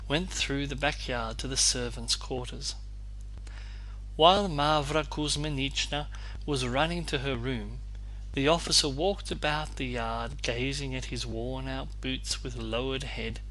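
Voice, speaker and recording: A man reading a classic novel aloud as audiobook narrator, in even, measured storytelling. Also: medium pitch, slight background noise, rough recording.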